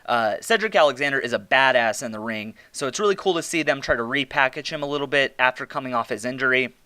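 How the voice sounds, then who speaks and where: Man, podcast host, casual review monologue, blunt, swearing, crisp tone, dry sound. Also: mid-range voice, fast talker, sharp tone, dry recording. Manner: blunt, swearing, exasperated rants.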